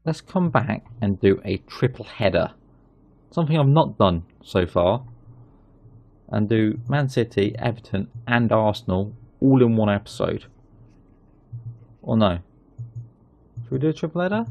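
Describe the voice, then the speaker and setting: A man hosting his gaming channel, chatting casually through a football management game and getting excited at goals. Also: fairly low pitch, measured pace, creaky, long pauses, no echo.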